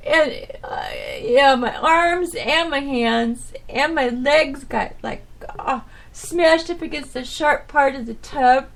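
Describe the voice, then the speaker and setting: A woman's voice: sits high, takes it slowly. A woman hosting her own podcast, chatting casually and rambling with lots of fillers and trailing thoughts. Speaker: podcast host. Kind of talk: casual solo chat.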